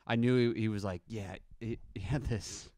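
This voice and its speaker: A man's voice: lowish voice, normal speed, no echo. A man, a guest comedian from New York, chatting on a podcast and acting out quotes in shifting voices. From Astoria, New York. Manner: animated storyteller, acts out quotes in shifting voices. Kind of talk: casual podcast chat.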